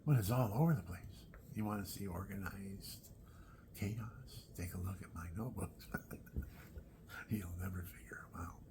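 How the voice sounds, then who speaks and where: A man telling rambling personal stories at home, often dropping into soft whispered asides. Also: sits low, measured pace.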